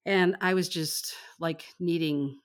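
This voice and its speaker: A woman's voice: fairly low pitch, steady tone, slow. A woman co-hosting a casual book chat, effusive and rambling, laughing often. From Michigan, US. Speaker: podcast co-host.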